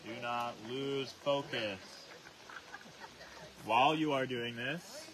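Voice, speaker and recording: Man, challenge host, steady instructive delivery, mid-pitched voice, noisy on-location recording. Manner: steady, instructive, calls himself monotone. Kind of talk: explaining rules and calling the challenge live.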